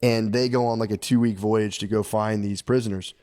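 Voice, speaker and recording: A man's voice: fairly low pitch, fairly even intonation, a little fast, darkish tone. A man co-hosting a podcast, telling a history story in casual comedic chat, rambling and profane, laughing often. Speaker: podcast co-host.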